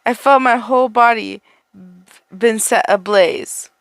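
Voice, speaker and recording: A woman with a slightly higher voice reads a fan fiction story aloud. The sound is close and dry, with no room around it. She stumbles and restarts words as she goes and drifts into casual asides. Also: slow, dry recording. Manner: breaks off into chatty, laughing asides. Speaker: story reader.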